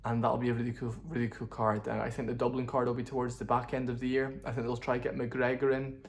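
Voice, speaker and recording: A man's voice: medium pitch, monotone, fast talker, a little hiss or hum. A man talking casually to camera as a fight-sports YouTuber, opinionated and chatty, often thinking aloud. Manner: chatty, opinionated, laughs at his own jokes. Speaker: MMA commentary YouTuber. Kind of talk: casual vlog commentary.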